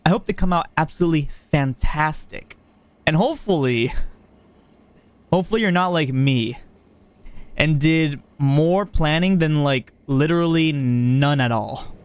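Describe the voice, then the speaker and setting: A man's voice: on the high side, a little slow, clear, resonant tone, dry recording. A man streaming a park-building game, casually thinking aloud and chatting with viewers in a playful way. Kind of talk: casual livestream chat while building.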